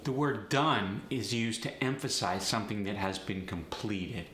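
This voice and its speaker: A man, a dialect coach, explaining in a clear, measured teaching manner. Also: lowish voice, a bit bright. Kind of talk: instructional explanation. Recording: roomy echo, faint noise.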